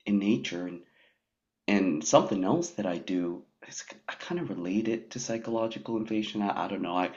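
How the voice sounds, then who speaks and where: Brief: male participant, lowish voice, hesitant and rambling, muffled lo-fi line. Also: a little mellow. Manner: halting, full of "like" and restarts. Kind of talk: candid personal sharing. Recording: dull lo-fi audio.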